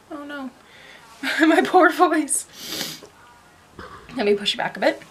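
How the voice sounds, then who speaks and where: A woman's voice: a little high, a bit bright. A young woman chatting casually in a home vlog, rambling and laughing now and then as she talks to a handheld camera. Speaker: vlogger.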